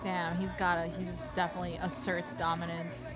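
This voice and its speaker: A woman's voice: on the low side, monotone, a little fast, loud music behind the voice. A young woman co-hosting a podcast, teasing her co-host dryly and laughing a lot. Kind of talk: casual podcast chat.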